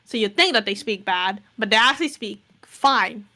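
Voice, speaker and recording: Blunt, sarcastic young woman, bright voice. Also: on the high side, animated, moderate pace. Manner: blunt, sarcastic, swears freely. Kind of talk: casual chat.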